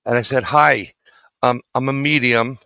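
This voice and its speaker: A middle-aged New man tells a story as an interview guest, acting out each exchange. His voice is gravelly and bright. The sound is dry and close. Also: medium pitch, a little slow, dry recording, poor audio. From New York City. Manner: animated storyteller acting out dialogue.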